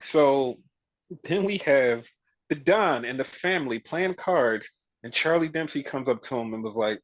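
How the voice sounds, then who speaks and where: Excitable man recapping, higher voice, dry lo-fi. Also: moderate pace, no room sound. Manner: profane, animated retelling with mimicked quotes. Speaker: podcast host. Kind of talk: casual wrestling recap chat. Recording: dull, dry lo-fi audio.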